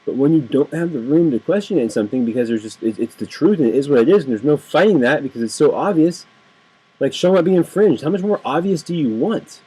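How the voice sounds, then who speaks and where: A man's voice: on the high side, lively intonation, fast talker, warm tone, breathy edge, low-quality recording. A man delivering an impassioned, indignant political rant to camera, repeating phrases for emphasis. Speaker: political video blogger. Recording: home webcam video.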